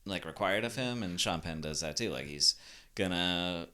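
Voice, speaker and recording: A man's voice: low-pitched, animated, normal speed, pushed and bright, smooth. A man co-hosting a podcast in casual chat, using "like" a lot and swearing freely. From Boston area. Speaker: podcast co-host.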